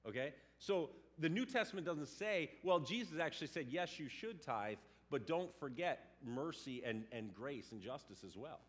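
Male pastor, animated sermon delivery, slightly higher voice. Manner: animated, acts out quotes and sounds.

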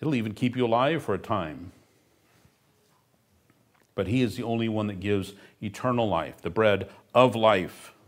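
A man's voice: on the low side, a little slow, pauses often. A middle-aged man preaching a sermon as pastor, emphatic and earnest, with dry humorous asides.

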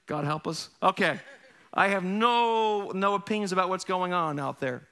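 A middle-aged pastor preaches with a bright voice that runs high for a man, and the sound is clean. His sermon is lively and full of jokes, shifting from loud punchlines to hushed asides, with quick character impressions thrown in.

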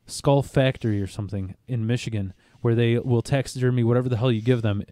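A man chats casually as a podcast host, his voice mellow and dark. He rambles and stops to restart his sentences often. The sound is dry and close, with no room in it. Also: medium pitch, steady tone, dry recording. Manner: rambling, halting, with many restarts. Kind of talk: casual chat.

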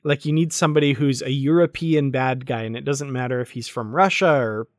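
A man with a mid-range voice talks through a review in a relaxed, thoughtful way, laughing easily. The sound is close and dry, as from a desk podcast mic. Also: medium pitch, brisk, no echo. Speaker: podcast co-host. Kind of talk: casual review chat.

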